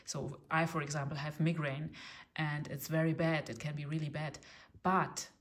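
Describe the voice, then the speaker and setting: Gentle German woman reading tarot. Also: deep voice, flat delivery, moderate pace. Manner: gentle, reassuring, often asks "yes?". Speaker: tarot reader. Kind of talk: casual tarot reading talk.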